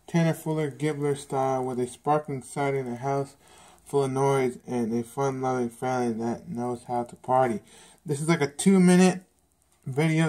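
A man's voice: a little high, a little mellow. A man talking casually to his viewers, recapping and reviewing a TV episode in a rambling way, often repeating himself and acting out the characters' lines.

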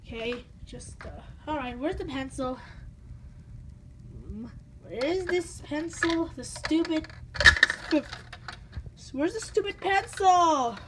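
A woman's voice: high-pitched, expressive, takes it slowly, long pauses, heavy background noise. A woman narrating an improvised toy play, rambling with many fillers and restarts.

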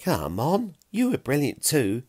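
A man's voice: a little high, unhurried, breathy edge, dry recording, clean studio sound, voice pushed up, exaggerated voice. A man doing an eager Stone Age boy. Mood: earnest. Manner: eager, breathless when excited. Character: clever Stone Age boy, excitable and earnest.

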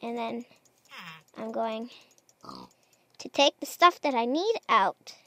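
High-voiced woman slowly narrating a game. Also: bright, forceful tone, no echo. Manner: chatty, unsure, talks to animals in game. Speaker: gamer. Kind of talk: casual Minecraft let's play commentary.

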